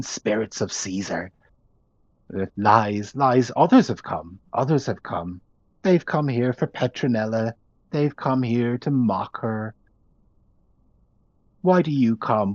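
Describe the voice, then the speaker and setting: A man's voice: mid-range voice, darkish tone, no echo, highs cut off. A man voicing a grieving, half-mad middle-aged woman prisoner who rambles and pleads. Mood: accusing.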